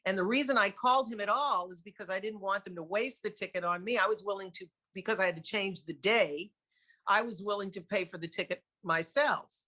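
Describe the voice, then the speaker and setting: A woman with a New York accent, an interview guest and singer, telling candid stories in a lively way and laughing often. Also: medium pitch, fairly quick. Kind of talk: casual storytelling in an interview.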